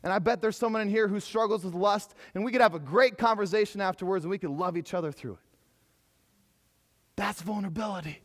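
Preacher, male, high-pitched, swings between fervent calls and quiet storytelling. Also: quick pace, few pauses. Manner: emphatic, swinging from loud exhortation to hushed storytelling. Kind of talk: sermon.

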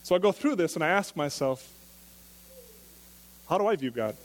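A man's voice: on the high side, lively intonation, normal speed. Preaching man in a reverberant hall. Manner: conversational preaching with rhetorical questions. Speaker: pastor. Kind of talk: sermon.

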